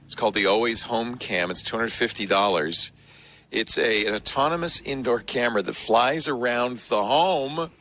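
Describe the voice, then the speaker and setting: A man hosts a casual tech chat in a bright, forceful voice. He tells stories in a joking, lively way, with his pitch in the middle range. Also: normal speed. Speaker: tech podcast host.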